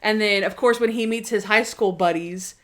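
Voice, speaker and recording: A woman co-host in a mid-range voice, talking in a relaxed, conversational way about a TV episode. She retells scenes with energy, jumping into little voices for the characters' lines. The delivery stays loose and unscripted. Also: mid-range voice, moderate pace, a crowd in the background. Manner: lively retelling that acts out quoted lines. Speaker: podcast co-host. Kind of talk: casual chat recapping a TV episode.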